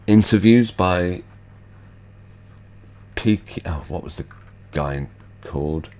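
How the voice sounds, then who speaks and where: A man's voice: low voice, animated, takes it slowly, darkish tone, a little hiss or hum. A man hosting an online show, making skeptical, rambling remarks over video clips. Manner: skeptical, rambling asides with fillers. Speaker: host.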